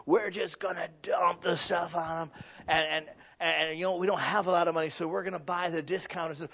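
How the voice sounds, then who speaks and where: A man's voice: a little high, fairly even intonation, fairly quick, vocal fry, fairly bright tone, lo-fi sound. A man preaching a sermon in a conversational way, asking rhetorical questions and building to emphatic peaks. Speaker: pastor.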